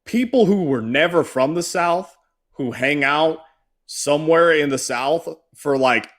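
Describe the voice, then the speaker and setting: Animated man ranting about politics. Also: fairly high pitch, unhurried. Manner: animated ranting, swears, mocks in put-on voices. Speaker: host. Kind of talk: casual political chat.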